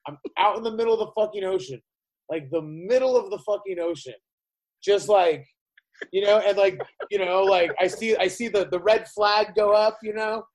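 A man with a high-pitched voice tells a story in loose, casual chat. He rambles, restarts his sentences and swears often. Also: low-quality recording. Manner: rambling, profane, halting.

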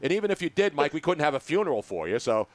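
An animated man hosts sports talk radio, teasing his guest and rambling along. His voice sits a bit high, and the studio sound is close and dry. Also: rapid-fire, dry recording. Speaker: radio host.

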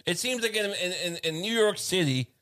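A man's voice: high-pitched, animated, a little fast, a bit bright. A man co-hosting a casual comedic chat, ranting in long rambling runs with stammered restarts. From United States.

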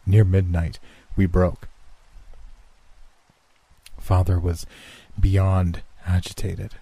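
A man reading a horror story aloud in a measured, hushed narration. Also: low-pitched, monotone, husky, dry recording.

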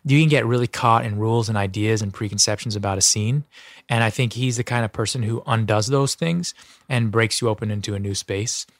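A man's voice: lowish voice, fairly quick, no room sound, clean studio sound. A man speaking as an actor guest in a casual interview, earnest and heartfelt, often restarting his sentences. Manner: earnest, heartfelt, full of restarts and "you know".

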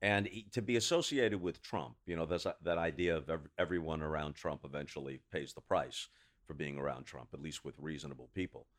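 A man who is a sports broadcaster, speaking as a guest in a podcast interview, with articulate, measured and emphatic delivery in long rhetorical sentences. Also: extremely low pitch.

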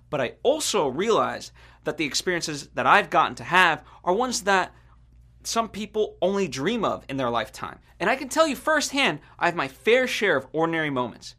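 A man's voice: on the high side, sing-song, brisk, bright, forceful tone. A man hosting a podcast, delivering an earnest, reflective scripted monologue. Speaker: podcast host.

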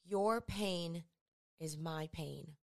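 A woman voicing Jesus as a gentle, comforting man who speaks softly and reassuringly. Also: mid-range voice, measured pace, natural voice. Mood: tender. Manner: soft, tender, reassuring.

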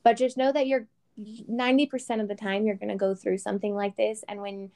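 A woman's voice: medium pitch, flat delivery, fairly quick, gravelly, a little mellow. A woman in her thirties co-hosting a casual chat, frank and chatty, laughing often and swearing lightly. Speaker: podcast co-host.

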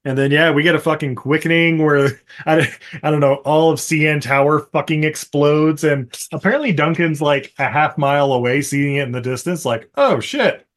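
A man's voice: a little high, steady tone, moderate pace, few pauses, fairly bright tone. A man on a casual podcast, recapping a movie in a rambling way with frequent laughs and casual swearing. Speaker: podcast co-host.

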